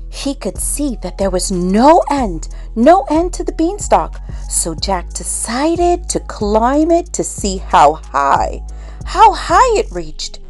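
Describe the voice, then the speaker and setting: Woman storyteller, bedtime story for kids, expressive, very lively pitch, soft music behind. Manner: expressive, slow, dramatic pauses. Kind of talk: children's bedtime story read-aloud.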